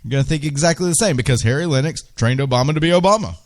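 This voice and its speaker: A man's voice: on the high side, very fast. A man hosting a political talk radio show, ranting with indignation and firing off rhetorical questions.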